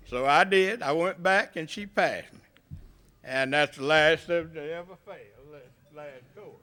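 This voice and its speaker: An older man with a thick rural Southern accent, telling humorous, homespun stories in a banquet speech. His voice sits fairly high and sounds bright and forceful. It comes through smooth and clear. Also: a little slow. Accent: Southern US, rural Gulf Coast area. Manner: folksy, humorous storytelling. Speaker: hall of fame inductee.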